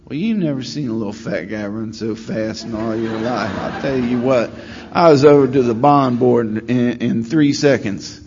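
A man's voice: medium pitch, darkish tone. Wry, rambling man sharing his story. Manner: rambling, wry and self-deprecating, with many "uh" pauses. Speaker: speaker sharing at a recovery meeting. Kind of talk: storytelling share. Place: meeting room. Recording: slightly dull recording with faint room noise.

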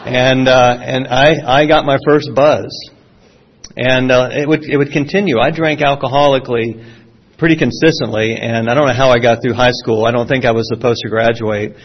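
A man's voice: medium pitch, fairly even intonation, normal speed, breathy edge. Middle-aged southern guy telling his life story to a crowd, folksy and wry, kinda muffled lo-fi sound. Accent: Southern American. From Florida. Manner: folksy storytelling with self-deprecating humor, frequent restarts. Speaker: speaker sharing a recovery testimony. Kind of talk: personal testimony talk. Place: speaking to a live audience. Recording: dull lo-fi sound.

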